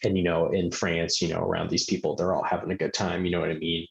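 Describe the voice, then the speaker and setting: A man's voice: sits low, little pitch movement, fast, gravelly. A man co-hosting a podcast, casually talking through a film and filling his sentences with "like". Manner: rambling, heavy use of filler "like". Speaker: podcast co-host. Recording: roomy, muffled, faint hiss.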